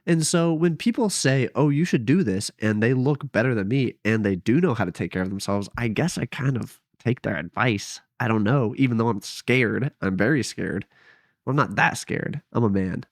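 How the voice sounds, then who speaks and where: At normal speed and with a lowish voice, a young man rambles through a casual late-night vlog from home. He's hesitant and often trails off while teasing himself, speaking into a headset mic with a dry, clean studio sound.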